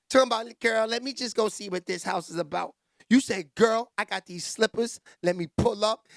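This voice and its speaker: A man with a very high, gravelly voice reacts to a clip in loud, mocking, animated chat. The sound is dry and close, with little room. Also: normal speed, no echo. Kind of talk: casual reaction commentary.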